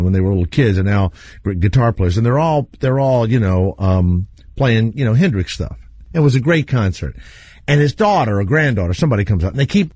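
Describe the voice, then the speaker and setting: A man's voice: on the low side, breathy edge, no room sound. A middle-aged man hosting a radio show, telling stories in casual chat and laughing often. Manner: animated storyteller, laughs often. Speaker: radio host.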